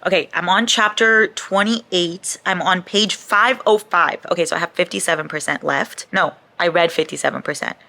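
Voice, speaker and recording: A woman's voice: lowish voice, moderate pace, gravelly, few pauses, sharp tone. A young woman book vlogger chatting casually and dramatically about a novel she is reading, with emotional outbursts. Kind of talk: casual reading vlog chat.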